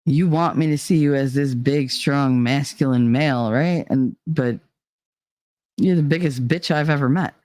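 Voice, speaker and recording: A woman's voice: very deep voice, unhurried, darkish tone, no room sound. Blunt, swearing woman chatting solo. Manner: blunt, opinionated, swears freely, laughs often. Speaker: podcast host. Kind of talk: casual solo chat.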